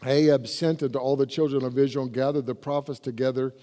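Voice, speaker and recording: In a reverberant church sanctuary, a male pastor preaches and reads scripture aloud with rising emphasis. His mid-range voice is mellow and fairly even in intonation, and he talks fast.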